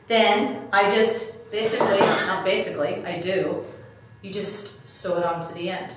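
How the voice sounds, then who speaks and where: In an echoey room, with the mic at a distance and faint noise behind her, a middle-aged woman demonstrates a craft step by step, chatting casually and poking fun at herself. She's a DIY expert whose medium-pitched, fairly bright voice stays fairly even and moves a little slowly.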